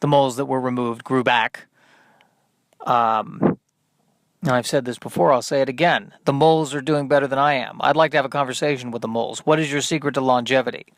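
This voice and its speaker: A man hosting a solo podcast, rambling through deadpan, self-deprecating asides. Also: mid-range voice, brisk. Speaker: podcast host. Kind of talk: solo comedic monologue.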